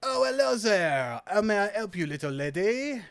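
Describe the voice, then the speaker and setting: A man's voice: sits high, measured pace, no echo, studio quality, voice pushed up, heavily acted. A man voicing a fawning, mustachioed male merchant with a put-on French accent. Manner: flattering, theatrical.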